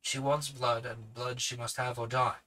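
A man voicing a grave, commanding elderly professor in a hushed, measured tone. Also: medium pitch, level tone, low-quality recording. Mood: grave, kindly.

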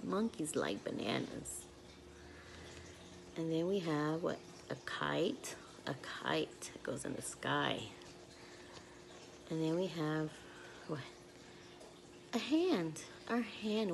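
A young woman teaching preschoolers in a video lesson, speaking in a slow, sing-song, encouraging way and making animal sounds. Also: deep voice, animated, gravelly.

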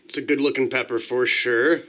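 A man's voice: mid-range voice, steady tone, a little fast, pushed and bright. A man casually talking to the camera as a pepper-eating vlogger, chatty and self-deprecating, describing the burn as it builds.

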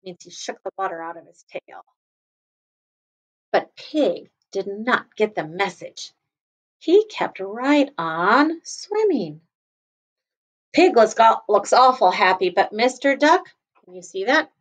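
A woman kindergarten teacher reading a picture book aloud to children, gently stopping to explain words. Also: medium pitch, big pitch swings, slow pace, long pauses, low-quality recording.

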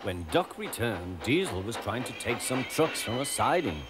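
A man narrating a children's cartoon story in a gentle, expressive way. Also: medium pitch, moderate pace. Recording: narration over music bed.

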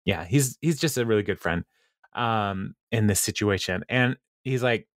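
A man with a fairly low voice hosts a casual podcast and retells a TV episode, laughing often and acting out the quoted lines. The sound is dry and close, with no room echo. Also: normal speed. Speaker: podcast host. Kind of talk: casual chat recapping a TV episode.

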